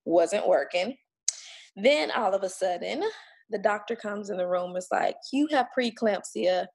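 A woman's voice: mid-range voice, measured pace, a little mellow, slightly rough. A woman guest telling her story in a casual, blunt and emphatic way, swearing now and then and acting out what others said to her. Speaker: podcast guest sharing her birth story.

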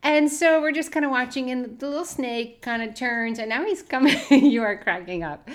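A middle-aged woman co-hosting a podcast, telling a story in a casual, animated way and often laughing. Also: sits high, moderate pace. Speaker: podcast co-host.

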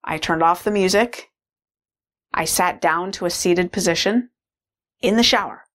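A woman's voice: on the low side, measured pace, fairly bright tone. Woman telling a candid personal story. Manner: candid, reflective, with fillers and restarts. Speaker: course participant sharing a personal story. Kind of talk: personal testimonial talk.

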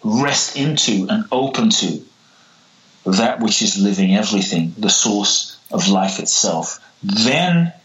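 A man tells a parable during a podcast interview, and his voice sits on the low side. He gets animated, often repeats words, and acts out the characters as he goes. The recording sounds a little dull and lo-fi. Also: slow. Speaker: guest, spiritual teacher.

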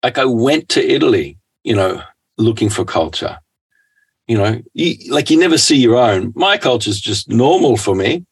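A middle-aged man talking as a guest in a relaxed, rambling conversation, laughing often. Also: medium pitch, normal speed, husky. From Australia. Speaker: guest author.

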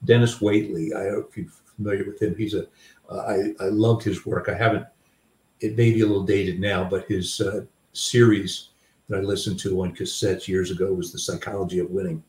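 Older man telling stories, low roomy voice. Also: level tone, brisk, darkish tone. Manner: reflective, self-deprecating, many fillers and restarts. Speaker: guest author. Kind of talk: storytelling in a conversation. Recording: roomy sound, a bit far from the mic.

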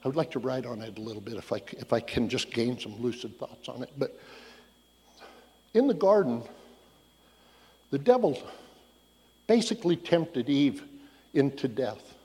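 A man's voice: medium pitch, expressive, normal speed, long pauses, dark tone, breathy edge. A man giving a casual, conversational Bible teaching, telling the story loosely and thinking aloud as he goes. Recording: long hall reverb.

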